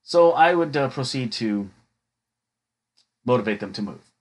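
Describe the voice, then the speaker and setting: A man's voice: mid-range voice, expressive, a little slow. A man hosting a podcast, telling funny stories in a chatty, jokey way and acting out the people he quotes. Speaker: podcast host. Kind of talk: casual storytelling.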